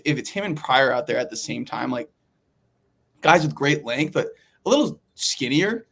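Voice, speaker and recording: A man co-hosting a casual basketball podcast, asking long, rambling questions full of fillers. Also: medium pitch. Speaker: podcast co-host.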